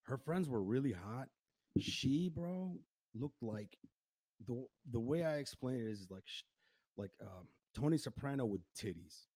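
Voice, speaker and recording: A man hosting a casual chat, telling a story with lots of swearing and quick impressions of people he met. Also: medium pitch, breathy edge, no room sound. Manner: profane, animated storytelling with impressions. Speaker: podcast host.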